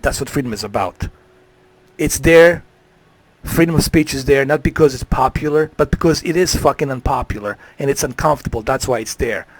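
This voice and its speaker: A man's voice: medium pitch, fairly quick. A man ranting on a live stream, heated and profane, swearing freely.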